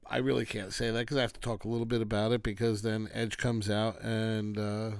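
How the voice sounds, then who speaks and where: Smooth-voiced man ranting a wrestling recap. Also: fairly low pitch, flat delivery, fairly quick, no room sound. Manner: ranting, exasperated, dismissive asides. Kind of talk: casual opinionated recap.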